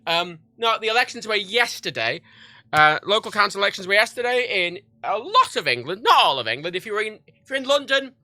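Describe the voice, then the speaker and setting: A man streaming a game and chatting off the cuff, his voice bright and sharp with a lively, swooping pitch. He rambles from one thing to the next, swearing constantly. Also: a little fast, no room sound. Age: 30s. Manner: profane, rambling, animated. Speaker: livestreamer. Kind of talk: casual livestream chat while gaming.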